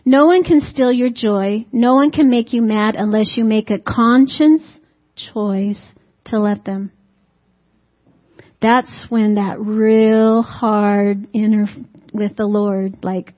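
Slow and fairly high-voiced, a woman preacher gives a relaxed, homey sermon, asking the congregation rhetorical questions and slipping in folksy jokes. The lo-fi recording sounds dull, its top end muffled.

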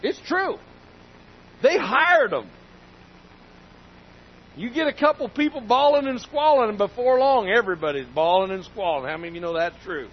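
A man's voice: sits high, animated, normal speed, pauses often, highs cut off. A man preaching a sermon in an emphatic, folksy way, repeating key phrases for weight. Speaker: pastor.

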